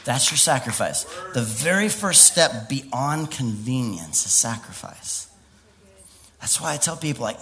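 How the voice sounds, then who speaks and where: A man preaching a lively sermon, laughing often, with sudden high exclamations and quiet stretches. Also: unhurried.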